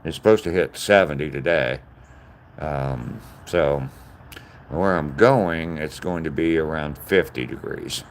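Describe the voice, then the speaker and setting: An older man chats casually on a live stream, answering viewer comments in a plain, direct way. His voice sits very low. A faint hum runs underneath. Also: a little slow. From Southern US.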